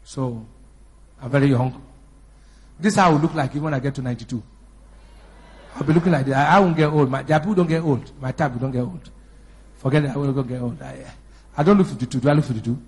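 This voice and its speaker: Husky-voiced preaching man in his fifties. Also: medium pitch, fast, pauses often. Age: 50s. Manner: swings from shouted exhortation to chatty storytelling. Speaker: pastor. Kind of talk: sermon. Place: church.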